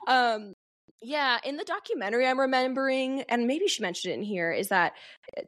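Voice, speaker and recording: A woman's voice: a little high, lively intonation, a little fast, a bit bright, dry recording, studio quality. A young woman hosting a podcast, casually recapping a book with lots of "um" and "like". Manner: chatty, frequent "um" and "like", reads quotes aloud. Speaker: podcast host.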